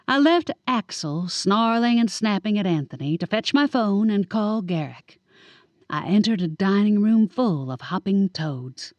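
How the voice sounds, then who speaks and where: A woman narrating a first-person audiobook in a lively, wry storytelling manner. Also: medium pitch, a little slow, no room sound. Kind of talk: scripted narration.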